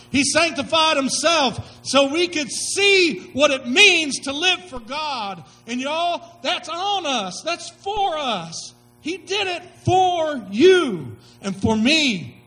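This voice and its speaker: Man, pastor, sermon, folksy storytelling, bright forceful tone. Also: very high voice, poor audio. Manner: folksy storytelling, vivid slang, emphatic.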